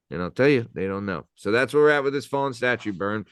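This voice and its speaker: A hoarse young man co-hosting a comedy podcast, rambling playfully with lots of fillers and goofy asides. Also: medium pitch, animated, fast, dry recording, studio quality. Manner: rambling, playful, full of filler and silly voices. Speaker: podcast co-host.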